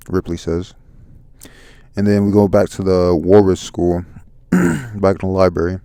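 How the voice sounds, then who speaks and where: A man in a soft-spoken ASMR comic review, reading haltingly, stumbling over words and apologizing. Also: low-pitched, clean tone, dry recording. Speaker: ASMR manga reader.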